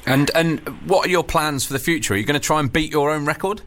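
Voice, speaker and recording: A man's voice: fairly high pitch, fast talker, fairly bright tone. A man hosting a casual radio interview, chatty and jokey with his guest. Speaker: radio host.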